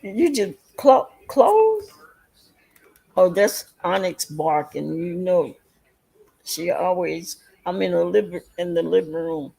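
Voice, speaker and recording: A woman hosts a casual livestream chat in an unhurried, gravelly voice. She rambles through her story at an easy pace and keeps stopping to greet her viewers. Her tone is a little husky. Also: lowish voice, steady tone, warm tone, rough recording. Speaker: livestream host.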